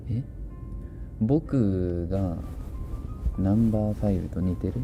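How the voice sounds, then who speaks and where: A man hosting a livestream in a soft-spoken, laid-back way, reading chat messages and chuckling often. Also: low-pitched, moderate pace, lo-fi sound, soft background music. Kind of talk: casual live chat.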